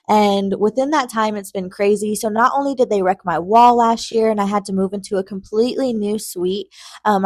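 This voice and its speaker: A young adult woman, a lash artist, talking the viewer through a tutorial in a chatty, casual way, calling them girl and checking in with "okay?". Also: medium pitch. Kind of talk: tutorial vlog with casual chat.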